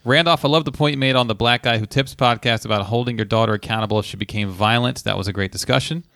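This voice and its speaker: A man co-hosting a podcast, reading listener emails aloud with quick asides in casual chat. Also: mid-range voice, a bit bright, dry recording, studio quality.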